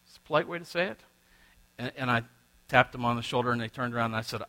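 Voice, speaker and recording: A middle-aged male pastor preaching a sermon, swinging between loud and quiet as he acts out little exchanges. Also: fast talker. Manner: preaching with wide swings in pitch and loudness, acting out quoted exchanges.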